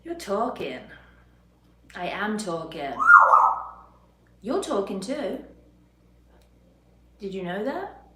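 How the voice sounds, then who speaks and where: A woman's voice: mid-range voice, very animated, takes it slowly, pauses often, very noisy. Playful giggly woman chatting with her bird. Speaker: pet parrot owner and channel host. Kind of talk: casual chat with her pet bird. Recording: roomy echo.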